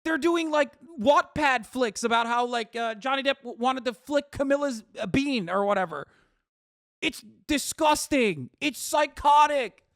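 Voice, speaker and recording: A man's voice: extremely high pitch, normal speed, creaky, hardly any pauses, a bit bright, no room sound, clean studio sound. A man streaming live, reacting to clips and answering chat in a heated, profane rant. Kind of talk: livestream reaction commentary.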